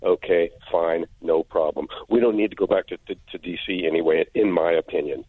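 A man's voice: sits low, fairly quick, slightly rough, no echo. A man calling in to a radio show, worked up and stammering through restarts. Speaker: caller. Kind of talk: call-in radio talk. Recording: tinny phone line.

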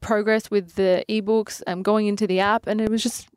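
A woman in her twenties from Adelaide with an Australian accent, a fitness trainer telling lively stories in an interview, acting out quotes and laughing often. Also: medium pitch, normal speed, clear, resonant tone, no echo, studio quality. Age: 20s. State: pregnant. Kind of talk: casual interview.

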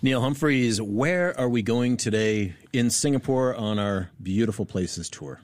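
A man's voice: mid-range voice, expressive, unhurried. Radio host man with hissy background. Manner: brief reactive interjections. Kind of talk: radio interview.

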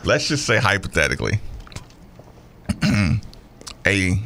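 A man co-hosting a show in loose, casual banter. His pitch moves freely up and down as he teases his partner. He breaks into laughter often. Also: big pitch swings, takes it slowly, bright, forceful tone, a little hiss or hum. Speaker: podcast co-host.

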